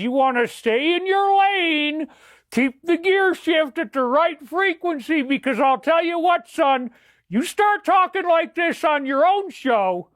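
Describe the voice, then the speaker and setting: Angry dad figure, done by a man, high-pitched, shouting, dry close recording, ranting at his son. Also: no echo, exaggerated voice. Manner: ranting, yelling, mock-religious outrage. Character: furious middle-aged father scolding his son.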